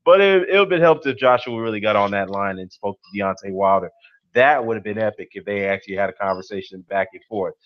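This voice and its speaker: A man's voice: fairly low pitch, fairly quick. A man hosting casual boxing commentary on a live stream, rambling with lots of "you know" and "man" fillers while greeting viewers in the chat. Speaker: boxing YouTube host. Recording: dull lo-fi sound.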